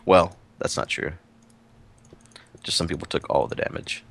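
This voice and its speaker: A man's voice: sits low, moderate pace, a bit bright. A man chatting bluntly while playing a game, swearing freely. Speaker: gamer. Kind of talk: casual gaming chat.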